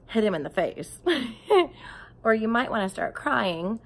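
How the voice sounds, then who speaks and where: A woman reading a storybook aloud and then talking tenderly to her grieving nephews, often dropping into a soft whisper. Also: mid-range voice, gravelly, slight background noise. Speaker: aunt speaking to grieving nephews.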